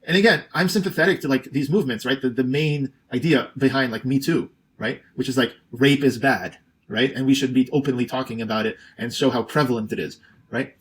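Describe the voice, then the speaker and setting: A man's voice: medium pitch, a little fast. Rambling man giving casual commentary. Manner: rambling, hesitant, with many fillers.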